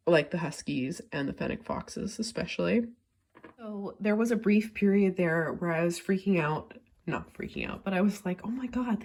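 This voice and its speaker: A woman with a low, gravelly voice chats about her collection in a loose, rambling way. She is a bit under the weather and stops now and then to cough. The talk stays relaxed, with plenty of "like" and "you know". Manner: chatty, rambling with many fillers. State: sick, pausing to cough. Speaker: toy collector vlogger. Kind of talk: casual chat.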